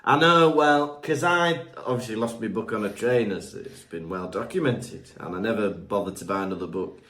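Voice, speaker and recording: A man's voice: lowish voice, normal speed, a bit bright, echoey room. A man co-hosting a podcast in casual chat, wry and teasing. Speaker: podcast co-host.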